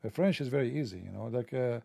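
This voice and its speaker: A man's voice: mid-range voice, expressive, fast, creaky, mellow, no room sound. A man delivering a sarcastic, mocking satirical monologue.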